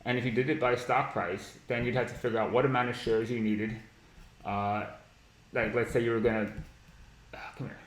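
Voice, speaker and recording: A man's voice: mid-range voice, steady tone, moderate pace, long pauses, echoey room, low-quality recording. A man teaching trading on a live stream, blunt and profane, mocking ideas he dislikes and breaking into laughter. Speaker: market analysis streamer.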